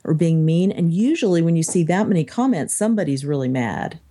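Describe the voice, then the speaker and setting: Chatty woman with a dark, mellow voice. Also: deep voice, a little fast. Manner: chatty, animated when quoting others. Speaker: podcast co-host. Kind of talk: casual discussion.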